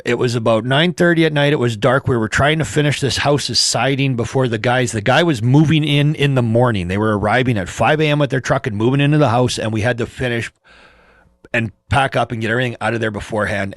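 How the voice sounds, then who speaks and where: This middle-aged livestream host chats with viewers from home in a mid-range voice, spinning rambling stories, cursing openly and poking fun at himself. The sound is clean and studio-like, with no room sound at all.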